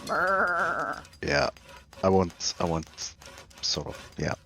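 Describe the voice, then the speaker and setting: A man's voice: mid-range voice, wildly swooping pitch, extremely slow, vocal fry, sharp tone, a little hiss or hum. A man co-hosting a casual livestream chat, laid-back, with short dry remarks that trail off. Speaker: co-host.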